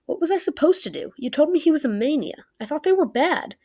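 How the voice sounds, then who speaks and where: A man's voice: very high voice, sing-song, fast, warm tone, voice pushed up, full character voice. A woman reading aloud the lines of a remorseful teenage boy from a novel, in a plain, unpolished way.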